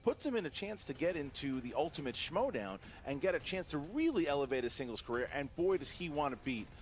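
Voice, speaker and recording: A man's voice: on the high side, very animated, a little fast, faint music behind. A man commentating a trivia competition in wrestling-promo style, hyping up the storylines. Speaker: match commentator.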